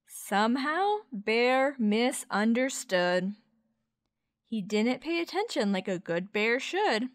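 Expressive woman reading to kids. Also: a little high, a little slow, dry recording, studio quality. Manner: gentle, expressive, explains words to children. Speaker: teacher, storyteller. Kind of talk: children's story read-aloud.

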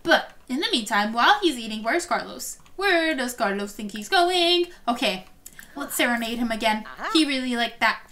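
A woman hosting let's-play commentary, excitable, gasping often and talking straight to her viewers. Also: on the high side, normal speed. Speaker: gameplay host.

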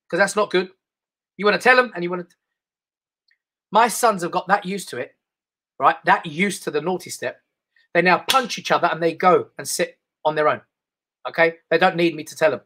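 Chatty English comedian with a bright voice. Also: male voice, sits high, a little fast, long pauses. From England. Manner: chatty, rambling, mimics voices. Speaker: stand-up comedian. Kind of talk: live-streamed stand-up comedy.

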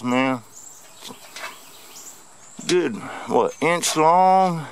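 A man's voice: medium pitch, expressive, slow pace, a bit bright, slight background noise. A man, vlogging outdoors in a yard. He gives playful, teasing commentary in a sing-song, taunting way. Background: insects and crickets.

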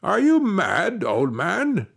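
A man doing a loud, harsh royal governor. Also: high-pitched, sing-song, takes it slowly, gravelly, husky, voice pushed up, full character voice. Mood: harsh anger.

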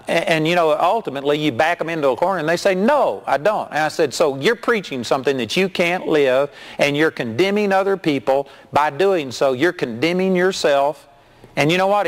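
A middle-aged man preaching a sermon as a television minister, reading scripture and telling stories with animated mimicry. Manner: animated storytelling, mimics hyped preachers in a high voice.

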